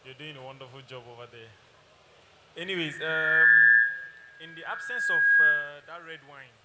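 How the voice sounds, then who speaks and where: Brief: man in audience, slightly high voice, hesitant, picked up from afar with room noise. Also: moderate pace. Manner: hesitant, with fillers. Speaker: audience member asking a question. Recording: noisy, distant room pickup.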